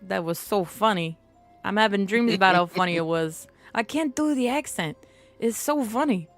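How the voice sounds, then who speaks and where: A chatty woman gaming on a live stream, laughing a lot and rambling through her plans. Her voice sits at an ordinary middle pitch, with faint music playing behind her. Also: moderate pace. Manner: chatty, laughs often, trails off and restarts. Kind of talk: casual gaming stream chat.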